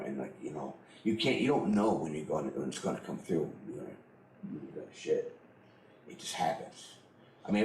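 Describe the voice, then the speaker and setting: A man's voice: low voice, a little mellow, roomy sound, slight background noise, low-quality recording. A middle-aged man telling a personal story in a blunt, profane way, laughing often as he goes. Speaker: interviewee.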